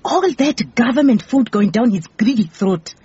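An actress playing a blunt, teasing female sidekick in a radio drama, with a husky voice. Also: a little high, lively intonation, normal speed, dark tone, no room sound, lo-fi sound.

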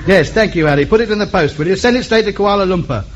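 A man's voice: high-pitched, quick pace, close to an everyday voice. A man playing a grumbling radio ham. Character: grumbling put-upon British male radio ham. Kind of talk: 1970s TV sitcom acting. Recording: dull old TV audio with hiss.

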